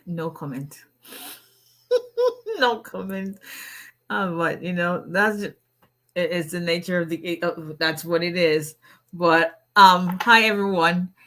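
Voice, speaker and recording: A woman's voice: lowish voice, steady tone, a little slow, pushed and bright. A woman, an immigration attorney chatting casually on a livestream, greeting viewers and laughing often.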